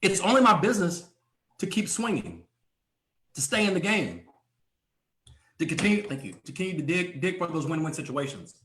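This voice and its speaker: A man giving a motivational sales training talk at a live event. He speaks emphatically, asks many rhetorical questions and often clears his throat. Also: high voice, big pitch swings, moderate pace, long pauses, a bit bright, reverberant.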